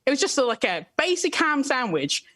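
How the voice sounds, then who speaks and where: A woman on a comedy panel telling a story in a dry, deadpan way over a video call from home. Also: high voice, fairly quick, dry recording. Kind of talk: comedic storytelling on a live stream.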